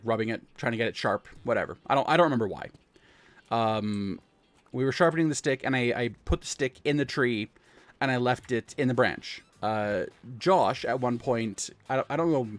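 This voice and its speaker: A young man tells rambling, profane childhood stories on a casual live stream, often correcting himself. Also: medium pitch. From Canada.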